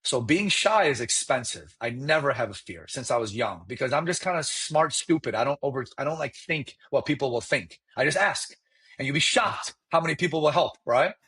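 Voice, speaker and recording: A man of Iranian origin whose first language is Persian, telling a personal story as a podcast guest in an animated, conversational way. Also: medium pitch, brisk, slightly rough. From Iran. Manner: animated, rising excitedly as he tells a story.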